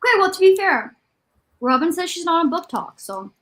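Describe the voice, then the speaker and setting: A livestream co-host from Ontario near the Quebec border speaks with a light Canadian accent in an extremely high voice with big pitch swings. Her delivery is a little fast and a bit bright, and her casual chat is full of "like".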